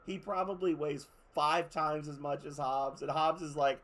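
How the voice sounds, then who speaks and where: A man's voice: a little high, steady tone, moderate pace, few pauses. Rambling, swearing male streamer. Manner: rambling, swearing, laughing at his own stories. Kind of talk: casual chat while playing a game.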